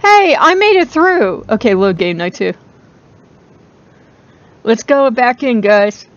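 An excitable woman talks over a horror game into a close microphone, breaking into squeals and nervous laughter. Her voice sits fairly high, her talk unhurried between the scares, and the recording sounds a little dull and lo-fi. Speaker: gaming video host. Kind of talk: horror game playthrough commentary. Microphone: close desk microphone.

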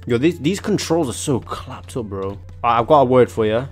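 A young man giving excitable, slangy commentary on a video game, often yelping and laughing. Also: medium pitch, a little fast, faint music behind. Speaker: gaming YouTuber. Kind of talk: gaming commentary.

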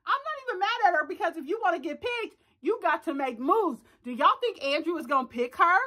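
A woman recapping a reality show in casual chat, animated and slangy, acting out bits of dialogue with loud exclamations and quick asides. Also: very high-pitched. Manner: slangy, playful reenactments of dialogue. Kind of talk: casual reaction chat to camera.

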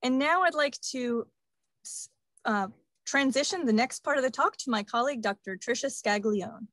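A woman audiologist giving a steady, informative webinar presentation. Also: a little high, normal speed, no echo.

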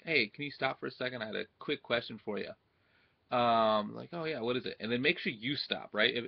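A young man with a fairly low voice talks casually to his computer's webcam at home, offering advice on social confidence. He keeps tossing in "right?" and acts out greetings as quotes. The webcam mic gives it a lo-fi sound.

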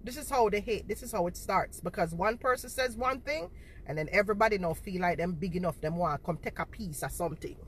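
A woman's voice: mid-range voice, fast, a little hiss or hum. A woman, confronting her viewers on a livestream and repeating herself for emphasis, talking into a phone held in front of her face. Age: 40s.

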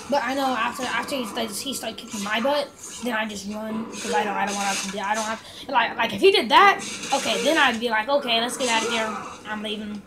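A young woman casually commenting on her gameplay, chatty and excitable, yelling at enemies now and then. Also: fairly high pitch, brisk, poor audio. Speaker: gamer.

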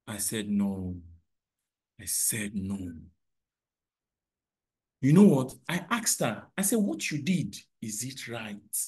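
Man, husky, very lively pitch, emphatic parenting speaker on a video call, repeats lines for effect. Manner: emphatic, repeats phrases, swings between loud and soft. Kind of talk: motivational talk on a video call.

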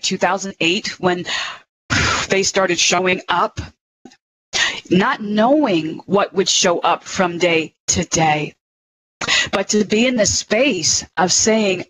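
A woman talking earnestly and slowly on a spiritual radio show, as a guest. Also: medium pitch, low-quality recording. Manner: earnest, slow and emphatic.

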